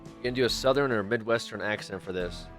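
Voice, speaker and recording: A man's voice: lowish voice, fast, a bit bright, soft background music. A man livestreaming a game, talking loosely and jokingly to his chat, swearing and calling them dude. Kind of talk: casual gameplay stream chat.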